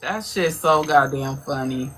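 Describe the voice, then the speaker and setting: A woman hosts a book podcast and puts her questions casually, with some cursing. Her voice sits low but has a bright, forceful edge. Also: unhurried, slight background noise. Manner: casual, profane. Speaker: podcast host. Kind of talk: interview questions.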